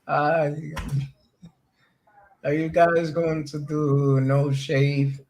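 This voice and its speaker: A man's voice: a little high, level tone, darkish tone, low-quality recording. A man co-hosting a casual crypto livestream, reading viewer comments aloud. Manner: slow, reads chat comments aloud. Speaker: stream co-host reading chat.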